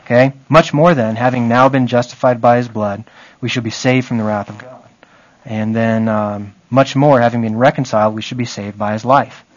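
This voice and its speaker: A man's voice: mid-range voice, steady tone, normal speed, lo-fi sound. Plain conversational man teaching scripture. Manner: conversational, checks in often with the group. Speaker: Bible study teacher. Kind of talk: teaching a Bible study.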